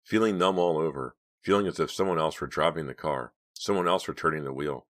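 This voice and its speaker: A man reads a novel aloud with a strikingly deep, low voice. His delivery is measured and steady, in the manner of a scripted audiobook narration.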